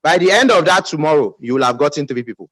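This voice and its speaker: Nigerian English man, team leader, emphatic pep talk, high and animated, dry sound. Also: fast talker, no echo, poor audio. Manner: emphatic, calls for audience responses.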